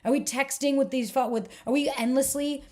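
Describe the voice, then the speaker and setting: A woman's voice: high-pitched, steady tone, brisk, darkish tone. A woman relationship coach presenting a live workshop, talking frankly with casual swearing and firing off one rhetorical question after another.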